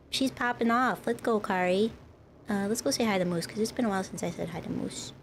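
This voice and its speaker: A woman's voice: fairly high pitch, a little hiss or hum. A woman streamer in casual live-stream chat, rambling and talking to her viewers. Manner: rambling, chatty, talks to chat.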